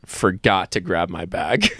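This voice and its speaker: A man's voice: low voice, huge pitch swings, takes it slowly, dry recording, studio quality. A man hosting a podcast, chatting casually and laughing often as he tells his own story. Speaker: podcast host. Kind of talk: casual chat.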